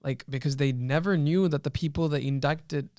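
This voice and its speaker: A man's voice: a little high, normal speed, darkish tone, no echo, clean studio sound. A young man, a law student, earnestly retelling a film in a casual panel discussion, with many restarts.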